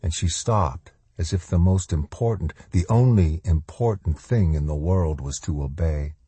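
Deep, slow male horror narrator. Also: warm tone, slightly rough, dry recording. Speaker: audiobook narrator.

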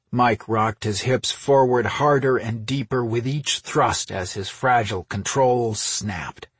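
A man narrating an audiobook in a steady, unhurried reading, close on the microphone. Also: medium pitch, husky, no echo. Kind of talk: scripted narration.

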